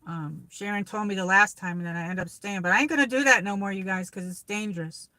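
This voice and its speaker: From her car on a drive, a New York-accented livestream host rambles in casual chat, reading viewer comments aloud as she goes. She talks quickly in a bright, forward, mid-range voice, captured close and dry with no room sound.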